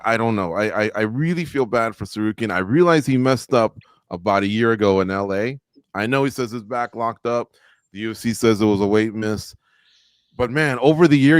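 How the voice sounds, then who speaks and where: A man's voice: on the low side, smooth, no room sound, studio quality. A man co-hosting a live sports roundtable in casual chat, rambling and reading out viewer comments.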